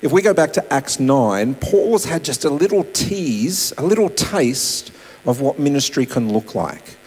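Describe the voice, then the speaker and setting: A man preaching a sermon, swinging between raised emphasis and soft, quiet asides. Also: mid-range voice, expressive, measured pace, breathy edge. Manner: dynamic preaching, voice rising and dropping to soft asides. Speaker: pastor. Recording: long hall reverb with mains hum.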